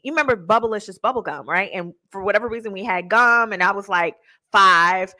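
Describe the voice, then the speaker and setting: A woman attorney hosting a show, telling stories in a casual, slangy, animated way with laughing asides. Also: mid-range voice, a little fast. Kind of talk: casual storytelling chat.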